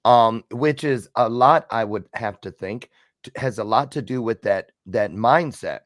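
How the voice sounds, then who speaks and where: A man's voice: mid-range voice, a little slow, dry recording, studio quality. A man hosting a podcast interview, talking casually and thinking aloud as he reflects. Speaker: podcast host.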